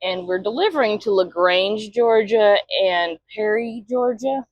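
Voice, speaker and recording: A woman's voice: medium pitch, measured pace, no echo, muffled recording. A woman truck driver chatting casually in a vlog from inside her truck cab, often talking to her cat.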